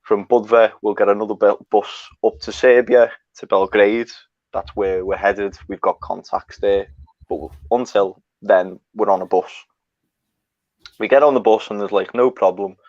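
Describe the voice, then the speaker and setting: A man's voice: on the low side, steady tone, normal speed, darkish tone, no echo. A young man telling a rambling, sweary travel anecdote in a casual chat. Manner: swearing, rambling, laughs at own story. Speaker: storyteller guest. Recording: dry, slightly dull mic.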